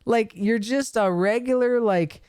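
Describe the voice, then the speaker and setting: Animated, profane young man telling stories. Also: very high voice, measured pace, smooth, no echo, clean studio sound. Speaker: podcast host. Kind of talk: casual chat.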